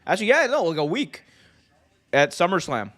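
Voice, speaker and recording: Excitable high-voiced male reaction host. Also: moderate pace. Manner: excitable, slangy, breaks into laughter. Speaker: host of a wrestling watch-along. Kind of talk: live reaction commentary.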